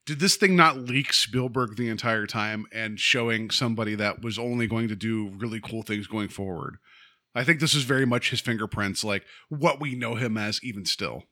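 A man's voice: fairly low pitch, moderate pace, sharp tone. A man co-hosting a film podcast, talking enthusiastically in a rambling way that trails off and restarts. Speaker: podcast co-host. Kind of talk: casual film chat.

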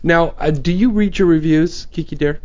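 A man's voice: fairly high pitch, normal speed, a little mellow, dull audio. A man hosting a radio talk show, chatting casually and joking between plugs in a studio. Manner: joking, loose, plugs and asides.

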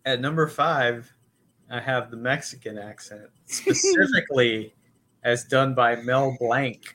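A man's voice: mid-range voice, lively intonation, unhurried, sharp tone. A man co-hosting a podcast, joking in casual comedic chat and laughing along. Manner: joking, hesitant with fillers, laughs. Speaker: podcast co-host.

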